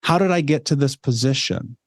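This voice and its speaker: A man in his thirties speaks candidly as a podcast guest, recounting his life story in a steady mid-range voice. His delivery is conversational, dotted with quick asides, and the sound is dry and close with no room around it. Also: medium pitch, no echo. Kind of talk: telling a personal life story.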